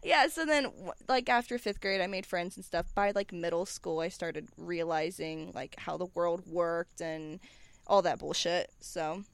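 A woman's voice: lowish voice, unhurried, no echo. A young woman with a slight lisp, chatting as a guest, rambling and laughing often. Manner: giggly, rambling, many "like"s. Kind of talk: casual chat.

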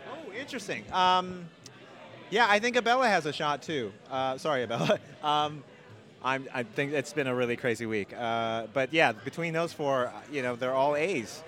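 Bright-voiced guy guest, coy and jokey, won't spill the gossip. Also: medium pitch, moderate pace. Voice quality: playful, coy, downplays with dry humor. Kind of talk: casual interview chat.

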